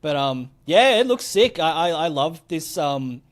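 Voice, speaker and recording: Male co-host, upbeat and keen, slightly higher pitch, filler-heavy casual talk. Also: big pitch swings, a little slow. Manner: upbeat, many fillers, enthusiastic. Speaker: podcast co-host. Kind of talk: casual chat.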